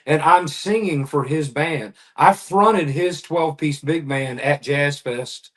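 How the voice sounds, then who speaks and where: A man from around New Orleans, chatting as a podcast guest about playing music. He talks in a relaxed, rambling way and often lets his sentences fade into mumbles. His voice sits a little higher than most men's. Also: slow. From New Orleans area. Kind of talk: casual chat.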